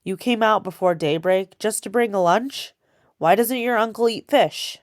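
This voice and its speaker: A woman's voice: medium pitch, moderate pace, no echo, studio quality, pitched above the performer's own voice, natural voice. A woman voicing a stern, scornful male soldier who barks questions.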